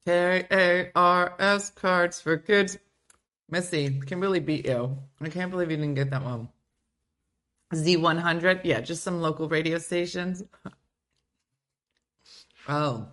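Broadcasting from home, a woman hosts a laid-back livestream chat, reading viewer comments aloud and riffing on them playfully. Her voice sits on the low side and sounds a bit bright, and she speaks slowly with long pauses.

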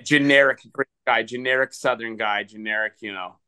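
A man's voice: mid-range voice, steady tone, fairly quick, sharp tone, smooth. A man, a filmmaker guest on a podcast, talking casually and rambling with lots of filler words. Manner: rambling, filler-heavy, full of "like". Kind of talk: casual conversation.

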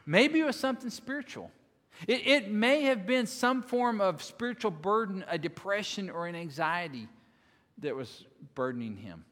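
Guy preaching a sermon, kinda high voice, gets loud then real quiet, big echoey hall. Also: animated, normal speed. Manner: earnest, dramatic swings between loud and quiet. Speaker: lead minister. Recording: long hall reverb.

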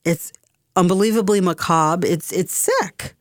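A woman's voice: on the low side, measured pace, dry recording, studio quality. A woman giving an emphatic, exasperated political commentary monologue, often restarting her sentences.

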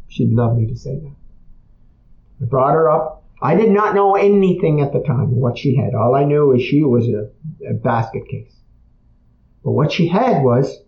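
A man's voice: medium pitch, vocal fry, a little hiss or hum. A man speaking to an audience in a conversational storytelling way. He repeats his points and often checks in with "okay?". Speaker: speaker on emotional healing. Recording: echoey, dull room sound.

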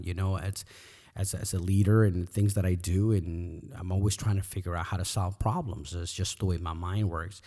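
A man's voice: low voice, mellow. A middle-aged man hosting a podcast, talking earnestly and reflectively, often repeating words as he thinks. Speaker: podcast host. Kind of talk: reflective personal talk.

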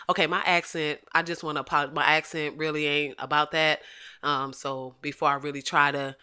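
Woman w/ aave going off, cussing, loud then quiet, real bright sharp voice. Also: normal speed, clear, resonant tone. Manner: profane, animated, swings from loud shouting to low asides. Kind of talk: casual comedic rant.

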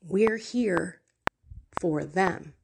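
A middle-aged woman speaks with fervent emotion, leaning into her words and then sinking into hushed whispers. She talks at an unhurried, deliberate pace. A steady hiss of noise sits clearly under her voice. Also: lowish voice. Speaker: faith coach and speaker. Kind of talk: impassioned spiritual talk and prayer.

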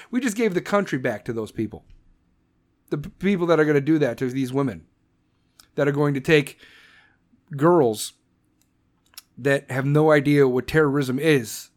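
A man with a high-pitched voice rants on his podcast, angry and loaded with swearing. He talks in heated bursts, firing off questions. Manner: angry, profane, heated ranting. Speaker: podcast host. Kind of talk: political rant.

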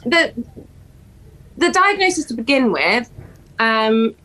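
A woman, a podcast guest talking in a lively, emotional, animated way. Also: fairly high pitch, takes it slowly, rough recording. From West Wales. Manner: animated, emotional, acts out voices in stories. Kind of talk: casual podcast chat.

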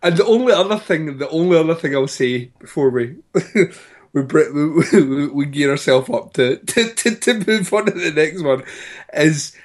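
A man's voice: a little high, normal speed. A man co-hosting a podcast, chatting casually about a film in a wry, incredulous way. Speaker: podcast co-host. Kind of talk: casual movie review chat.

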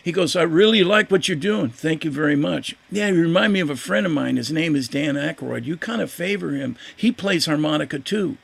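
An older man with a gravelly voice, telling a story as a guest musician in a casual interview and acting out the voices of the people in it. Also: fairly high pitch, brisk, few pauses. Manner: animated, acts out quoted voices.

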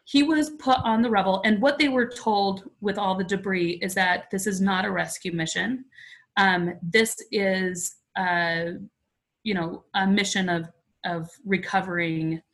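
A woman's voice: medium pitch, unhurried. Chatty woman in her forties, earnest. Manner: earnest, chatty, frequent "like" fillers. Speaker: podcast guest. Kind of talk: personal storytelling in conversation.

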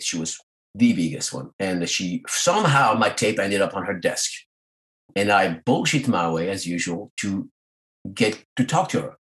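A man guest in an interview, a singer and voice artist, telling lively stories and acting out the voices of the people he quotes. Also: deep voice, rough recording. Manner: lively storyteller who acts out quoted voices. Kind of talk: animated anecdote-telling.

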